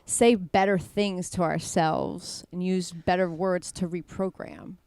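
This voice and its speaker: A woman's voice: on the low side, steady tone, slow pace, vocal fry, a little mellow, dry recording. A woman guest on a podcast, a comedian who talks in an emphatic pep-talk style and repeats phrases for effect. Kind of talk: casual podcast chat.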